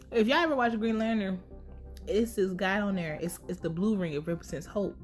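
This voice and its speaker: A woman's voice: mid-range voice, moderate pace, faint music behind. A young woman hosting a casual, profane recap of a TV series. She swears freely, uses a lot of slang and laughs often. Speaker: podcast host recapping a TV series.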